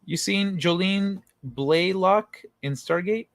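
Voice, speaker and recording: A man's voice: sits high, slow, dry recording, clean studio sound. Laughing, foul-mouthed streamer man. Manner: laughs often and swears freely; rambling, with frequent fillers and tangents. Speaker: livestream host. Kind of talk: casual live-stream chat, reading chat comments aloud.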